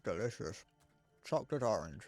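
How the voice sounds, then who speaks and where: A man's voice: lowish voice, big pitch swings, moderate pace, darkish tone, no echo, faint music behind. A man livestreaming a game, rambling casually and muttering to himself between remarks. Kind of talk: casual chat while gaming.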